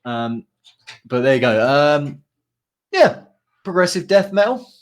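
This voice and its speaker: A man's voice: on the high side, sing-song, slow. A man co-hosting a casual podcast, reading out band descriptions with frequent ums and asides. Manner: reads out band blurbs with many ums and asides. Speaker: podcast co-host.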